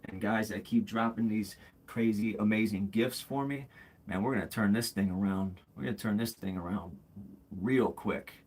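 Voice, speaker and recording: Very deep husky man chatting casually. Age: 40s. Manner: rambling, frequent fillers and restarts; candid, calls viewers bro and man. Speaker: livestream host. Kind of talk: casual livestream chat.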